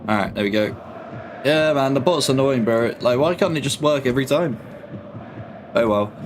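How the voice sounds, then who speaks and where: A man's voice: mid-range voice, normal speed, a little hiss or hum. A young man chatting casually on a live football watch-along stream, full of slang and reading comments from his chat. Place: home. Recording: faint music behind.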